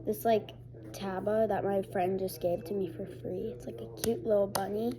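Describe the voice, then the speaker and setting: A woman's voice: mid-range voice, steady tone, moderate pace, noisy background. A young woman showing her things in a casual home vlog, chatting with lots of fillers. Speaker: vlogger. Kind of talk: casual show-and-tell vlog. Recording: TV chatter in the background. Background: TV playing in the background.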